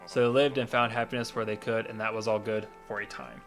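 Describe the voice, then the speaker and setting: A man's voice: fairly low pitch, steady tone, fast talker, fairly bright tone, faint music behind. A man streaming a video game, reading its character dialogue aloud with a light dramatic lilt and stumbling over words now and then. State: coughing at times.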